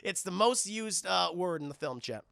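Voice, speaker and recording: A young man and streamer giving a casual, profane film recap to his chat, rambling, excitable and crude. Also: high-pitched, normal speed, vocal fry, dry recording, clean studio sound.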